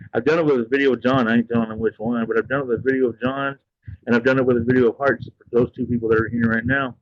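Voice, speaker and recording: A man's voice: mid-range voice, no room sound, highs cut off. A man hosting a casual livestream, talking in an earnest, rambling, heartfelt way. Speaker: livestream host.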